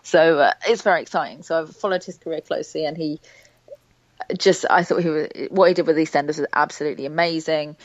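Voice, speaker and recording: A wry, chatty woman with a lowish voice talks about television in a relaxed back-and-forth. The sound is dry and a little dull, with no room around it. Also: fast, no echo. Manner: chatty, wry, fluent with fillers. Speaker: TV critic guest. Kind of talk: casual chat.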